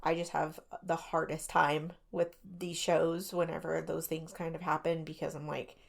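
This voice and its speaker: A woman co-hosts a radio show, recounting ghost-hunting tales in a loose, chatty way full of fillers. Her voice sits low and carries a gravelly fry, and she breaks off now and then to question what she is retelling. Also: level tone, moderate pace. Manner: chatty, many fillers, skeptical asides. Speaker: podcast co-host. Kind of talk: casual chat retelling ghost stories. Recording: radio talk show studio mic.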